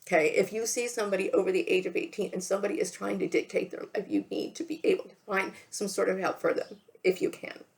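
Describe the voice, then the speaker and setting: A woman talking straight to camera in a halting, emotional monologue, repeating herself, stopping to say okay, and fighting back tears. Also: medium pitch, little pitch movement, creaky. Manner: halting, repeats words, often says okay. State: tearful, emotional. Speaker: vlogger.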